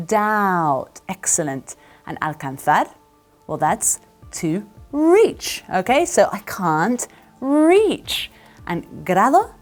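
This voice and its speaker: Woman, English teacher, lively pitch, unhurried, encouraging drills, faint music underneath. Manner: encouraging, drills words slowly and repeats them. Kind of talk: English lesson to camera.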